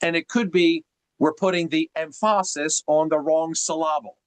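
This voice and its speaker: A man coaching on a video call in an emphatic, teacherly way, his voice sitting a little high. The sound is dry and close, with no room behind it. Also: fairly even intonation, moderate pace, smooth, no echo. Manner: emphatic, teacherly, uses rhetorical questions.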